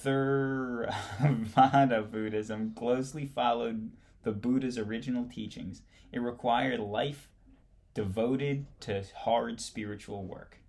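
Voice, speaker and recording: A man who serves as an instructor, reading a history textbook aloud in a halting way, stumbling over words and rereading them. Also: medium pitch, fairly even intonation, darkish tone.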